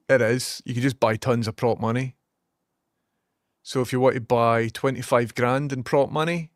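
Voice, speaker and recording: A man's voice: medium pitch, dry recording, clean studio sound. A young Scottish man hosting a livestream, rambling casually and swearing as he reads out viewer comments. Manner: chatty, sweary, rambling asides. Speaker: livestream host.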